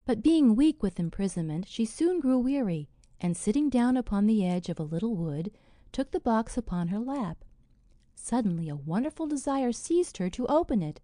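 A woman narrating a fairy tale audiobook in a measured, expressive way. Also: on the high side, no echo, studio quality.

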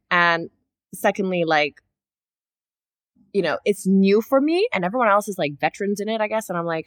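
A woman with a fairly low voice tells a story in a casual podcast chat. She is lively and swears freely, and she acts out her own reactions as she goes. The sound is dry and close, with no room echo. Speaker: podcast co-host.

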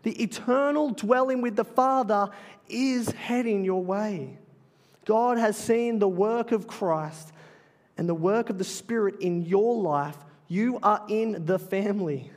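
High-voiced preacher in an echoing hall. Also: male voice. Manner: earnest, emphatic preaching with slow deliberate phrases. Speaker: pastor. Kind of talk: sermon. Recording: long reverb of a large hall.

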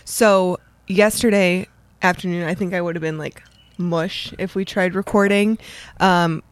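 Young woman cohost, chatty n giggly, lowish voice, close podcast mic. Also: unhurried, dry recording. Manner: chatty, laughs often, quotes herself in lively voices. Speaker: podcast co-host. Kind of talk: casual chat. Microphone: studio microphone.

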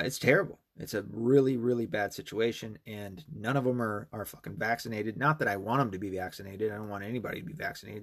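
A man's voice: lowish voice, fairly bright tone, husky, no room sound, clean studio sound. A man hosting his own show, ranting alone, profane and rambling, angry and full of fillers and restarts. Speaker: podcast host. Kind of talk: solo political rant.

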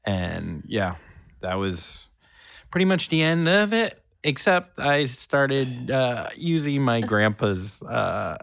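A man's voice: mid-range voice, sing-song, slow pace, creaky, a bit bright, no room sound, studio quality. A man co-hosting a podcast, casually telling a long story and laughing often as he rambles. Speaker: podcast co-host.

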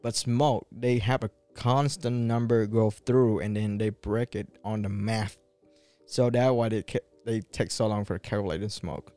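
A man's voice: on the low side, fairly even intonation, a little slow, warm tone, soft background music. A man co-hosting a podcast, telling stories in casual chat with loose, non-native phrasing and a lot of swearing. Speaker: podcast co-host.

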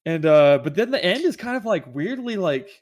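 A man's voice: high-pitched, expressive, normal speed. A man chatting casually about movies as a podcast co-host, rambling and enthusiastic, with many restarts.

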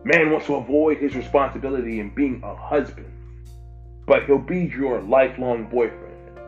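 Male pastor, mid-pitched, preaching informally with emphatic repetition; muffled recording, soft music underneath. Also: normal speed. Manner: emphatic, repeats phrases for stress. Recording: dull lo-fi with faint music.

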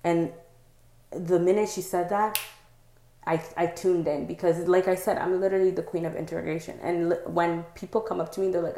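A woman's voice: lowish voice, fairly even intonation, moderate pace, vocal fry, warm tone. A woman hosting a podcast, telling a personal story in a loose, rambling way full of "like" and "um" and tag questions. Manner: rambling, heavy use of "like" and "um", frequent "right?". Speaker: podcast host. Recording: echoey room.

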